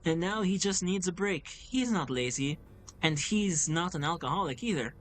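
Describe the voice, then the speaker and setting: A proud, defensive teenage boy from a video game, read aloud in a gamer's own plain voice. He talks in an insistent, defiant way. The pitch is medium. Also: expressive, moderate pace, slight background noise, lightly acted. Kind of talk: reading game dialogue aloud.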